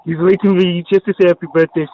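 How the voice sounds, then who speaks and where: A man calling in to a radio show, talking loudly and excitedly from a distance. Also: high-pitched, racing, a little hiss or hum. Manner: loud, excited. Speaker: caller, proud father. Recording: phone line from off the mic.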